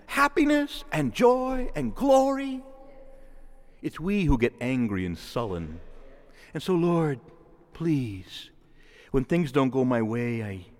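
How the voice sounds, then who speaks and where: A man delivers a homily from the pulpit with a lively, swooping voice that sits a little high for a man. He shifts between fervent, raised passages and soft, prayerful asides. His words ring out with the long reverb of a church hall. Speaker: priest. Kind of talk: sermon.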